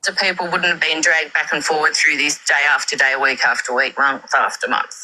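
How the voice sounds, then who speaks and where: A woman commenting critically on a live stream, building her points slowly with repetition and fillers. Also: low voice, flat delivery, pushed and bright, rough recording. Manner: measured, repeats points, many fillers.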